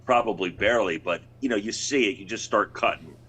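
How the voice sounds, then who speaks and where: A man's voice: lowish voice, a little fast, fairly bright tone, slight background noise. A man in a casual chat, telling anecdotes in a chatty way.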